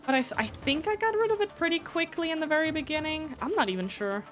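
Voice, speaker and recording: German-accented woman streamer, slightly high. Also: lively intonation, quick pace, fairly bright tone, faint music behind. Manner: rambling, swears often. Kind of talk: casual live gameplay chat.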